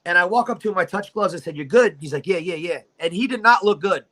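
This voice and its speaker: Swaggering high-voiced man telling fight stories. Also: lively intonation, fast talker, a bit bright, poor audio. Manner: profane, swaggering storyteller. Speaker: guest fighter and storyteller. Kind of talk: animated fight story on a livestream.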